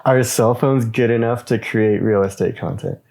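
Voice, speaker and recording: A man hosting a casual podcast interview, briskly asking questions and saying "okay" between them. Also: on the low side, gravelly, a little mellow, no echo. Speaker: podcast host.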